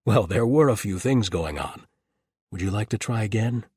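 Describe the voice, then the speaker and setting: A gallant paladin with a dry, teasing wit and a deep, husky voice, as a male narrator plays him. His lines sound close and dry, with no room around them. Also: lively intonation, normal speed, a little mellow, no echo. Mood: wry. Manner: dry, teasing, formal phrasing.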